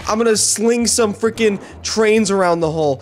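A man hosting a casual gameplay video, excitable and prone to sudden shouts. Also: sits high, normal speed, faint music behind. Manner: excitable, yelps and shouts in bursts. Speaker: gaming channel host.

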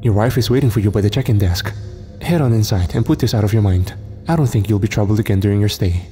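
A man's voice: on the low side, fast talker, warm tone, big-room sound, faint music behind, lightly acted. A man voicing a polite, courteous young hotel valet in a horror story reading. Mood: reassuring. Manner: courteous, reassuring.

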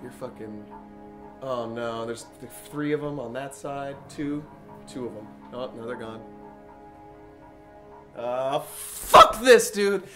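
A young man, a comedian, reacting to a VR horror game with profane, panicky yelling and nervous laughter. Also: mid-range voice, steady tone, a little slow, over music. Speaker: comedian guest.

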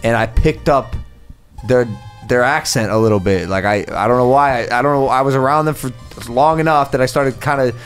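A brash man chats as a podcast guest and swears freely. His pitch sits in a middle range, and faint music plays behind him. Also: a little fast. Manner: brash and profane. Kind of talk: casual chat.

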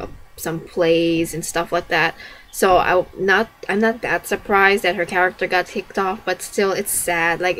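Excitable young woman vlogger. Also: lowish voice, poor audio. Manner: excitable, exclamatory, gushing. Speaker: TV reaction vlogger. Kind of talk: casual live reaction and recap.

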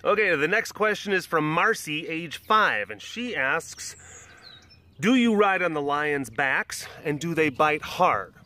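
A man's voice: a little high, expressive, measured pace, pushed and bright, no room sound. A man who keeps big cats answers children's questions outdoors by the enclosures, patiently and simply, and addresses each child by name. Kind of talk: explaining to preschoolers.

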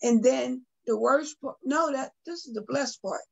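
Gravelly husky woman telling her story. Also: high voice, unhurried, a little mellow, highs cut off. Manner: earnest, testifying, addresses listeners directly. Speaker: guest artist and poet. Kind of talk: emotional personal storytelling. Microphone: video call.

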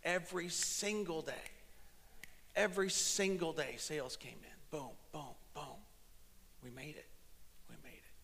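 A man's voice: on the high side, steady tone, measured pace, creaky, long pauses, fairly bright tone. Man in his fifties, pastor, earnest emotional sermon, long echo of a hall.

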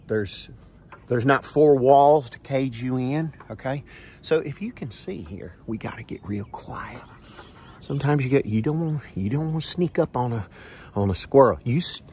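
A man hosting a comic vlog outdoors, talking in a folksy, hushed, deadpan way and tagging phrases with "okay?". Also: mid-range voice, slightly rough. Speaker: vlog host playing a self-styled squirrel expert. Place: outdoors under a tree on a farm. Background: faint crickets and insects.

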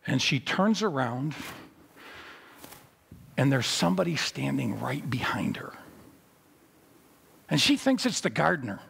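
A pastor giving a sermon at a memorial service in a chapel, telling a story with big swings between loud, high moments and low, quiet ones. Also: male voice, a little slow, vocal fry, pauses often, slightly rough, in a large hall. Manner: animated storytelling with big swings in pitch and loudness.

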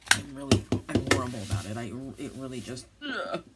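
A woman's voice: extremely low pitch, lively intonation, fairly quick, very noisy. A woman, telling a rambling, self-deprecating story as she crafts at home for her vlog. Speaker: crafting channel host. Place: home, with dogs nearby.

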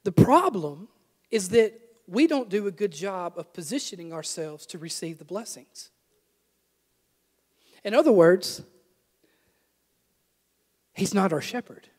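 A young adult man preaching a sermon, with animated repeated refrains and self-deprecating jokes. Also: sits high, a little slow, long pauses, long reverb tail. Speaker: pastor. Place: church sanctuary.

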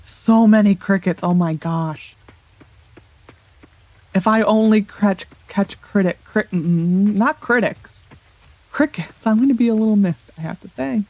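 Woman, let's play host, casual gameplay commentary, chatty, thinks aloud, self-correcting, loud desk mic. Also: medium pitch, a little slow, no echo. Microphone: desk microphone, set a little loud.

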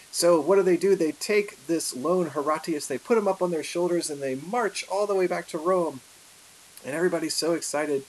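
Casual male history teacher, chatty storyteller, mid-pitch, faint hiss. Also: low-quality recording. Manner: lively, conversational, with many fillers and asides.

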